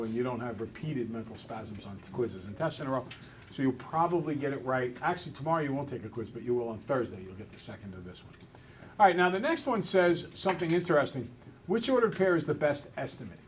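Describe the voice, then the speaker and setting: A male math teacher in a classroom, relaxed and a little self-deprecating, talking through each step aloud. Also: a little high, a little hiss or hum. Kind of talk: classroom lesson. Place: school classroom with students.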